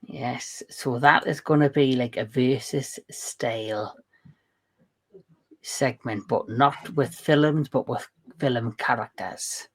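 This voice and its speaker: A man's voice: mid-range voice, slow pace. A man hosting a casual movie review chat, jokey and talking with many restarts and self-corrections. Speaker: show host.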